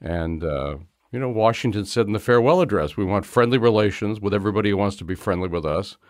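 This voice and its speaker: Low-voiced halting male host. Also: animated, dry recording, studio quality. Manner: halting, repeats words while framing questions. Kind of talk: interview.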